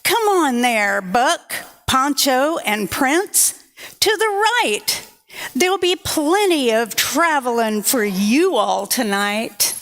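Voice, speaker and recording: Give a woman's take on a jolly old cowboy Santa from a storybook a high, unhurried drawl. He is hearty and playful with the children. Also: expressive, fairly bright tone, heavily acted.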